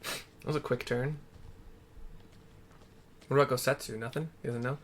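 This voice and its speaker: A man's voice: medium pitch, steady tone, moderate pace, pauses often. A man talking casually while playing a video game, tossing out offhand asides and frequent swearing. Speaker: gamer. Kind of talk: casual let's-play commentary.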